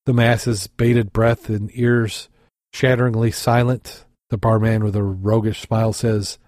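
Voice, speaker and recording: A man's voice: lowish voice, little pitch movement, measured pace, a little mellow, dry recording, clean studio sound. A man hosting a show, telling a long joke in a rambling way, correcting himself and laughing at his own slips.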